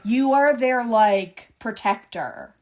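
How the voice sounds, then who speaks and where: A Canadian woman co-hosting a podcast in casual chat, chatty and excitable, quick to gasp and laugh. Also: on the high side. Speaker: podcast co-host.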